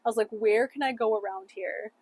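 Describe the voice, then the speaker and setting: A woman's voice: fairly high pitch, brisk, a little mellow, slightly rough. A young woman chatting casually through a travel story, saying "like" a lot, laughing often and swearing offhandedly. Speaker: travel vlogger.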